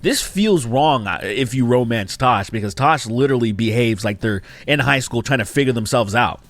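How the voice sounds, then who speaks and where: A man's voice: mid-range voice, dry recording, soft background music. Exasperated man reviewing a game. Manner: animated and exasperated, mocking characters with quick impressions. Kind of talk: casual spoken game review.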